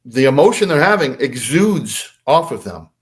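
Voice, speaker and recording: A man who is a podcast guest, telling a story in a casual, animated way and acting out the voices in it. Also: mid-range voice, moderate pace.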